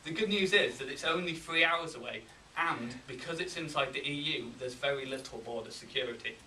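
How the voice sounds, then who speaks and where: A man with a Yorkshire accent giving a humorous contest speech, with deadpan timing and pauses for laughs. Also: mid-range voice, a little hiss or hum. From England. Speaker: contest speaker. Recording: roomy hall, mic from a distance.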